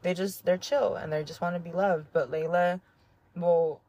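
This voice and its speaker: A woman hosting a solo podcast, talking earnestly and heartfelt in a rambling way, full of "like" and soft laughs. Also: fairly low pitch, steady tone, normal speed. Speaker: podcast host. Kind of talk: reflective solo podcast monologue.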